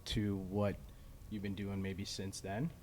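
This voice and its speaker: A man hosting a podcast, chatting casually with a guest at a golf venue, with relaxed, filler-heavy talk. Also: fairly low pitch, slow pace, slight background noise. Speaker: podcast host. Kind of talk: casual chat.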